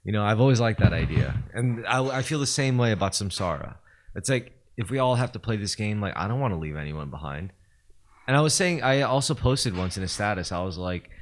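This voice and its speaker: A man with a deep, low voice co-hosting a podcast. He talks in a loose, rambling way, with lots of "like" and "um" and sentences he starts over. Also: lively intonation, brisk. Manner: rambling, filler-heavy, restarts often. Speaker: podcast co-host. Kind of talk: casual chat.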